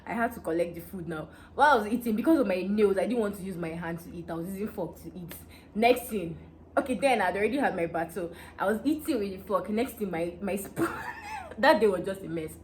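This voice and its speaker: A young woman from Delta State with a Nigerian accent, telling a casual story to her viewers in an animated, excitable way that often breaks into laughter. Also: medium pitch, fast, slight background noise. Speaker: vlogger.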